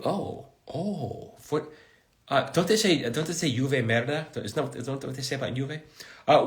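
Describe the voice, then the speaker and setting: A man's voice: mid-range voice, a bit bright. A middle-aged man hosting a casual live Q&A. He jokes and reads viewer questions aloud. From United States. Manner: slips into halting learner's Italian.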